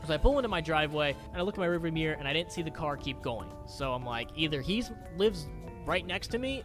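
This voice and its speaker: A man telling a rambling personal story in a casual, animated way, swearing freely. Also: fairly high pitch. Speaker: storyteller in a played clip.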